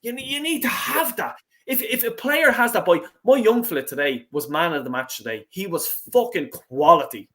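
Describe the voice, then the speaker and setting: A middle-aged man with an Irish accent and a notably high voice, holding forth in a blunt, sweary, impassioned rant. He talks like a fan on a call-in show, thumping home every point. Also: lively intonation, normal speed, few pauses, fairly bright tone. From Ireland. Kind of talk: heated casual football chat.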